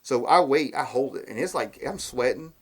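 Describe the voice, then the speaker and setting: A man's voice: mid-range voice, normal speed, slight background noise. A man, a podcast guest telling long rambling stories in casual chat, often laughing at himself. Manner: rambling, animated, laughs at his own stories.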